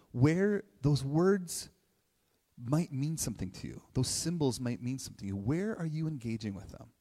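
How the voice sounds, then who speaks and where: A middle-aged man giving a live motivational talk, conversational and animated, often asking questions and tagging "right?". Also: mid-range voice. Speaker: motivational speaker. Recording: long hall reverb.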